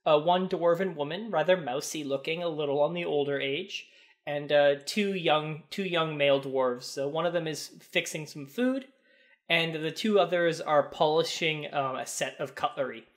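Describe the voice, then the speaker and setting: A man with a fairly high-pitched voice narrates a tabletop role-playing game as its game master. He describes the scenes haltingly, with many fillers.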